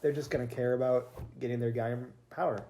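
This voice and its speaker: A woman's voice: very deep voice, fairly even intonation, quick pace, crowd noise. A woman hosting a casual political podcast chat, hesitant and restarting her sentences, laughing often. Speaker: podcast host.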